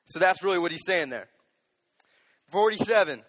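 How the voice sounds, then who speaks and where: Animated young man preaching. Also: high-pitched, moderate pace, long pauses, long reverb tail. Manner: animated, joking, talks straight to the audience. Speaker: youth pastor. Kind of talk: sermon.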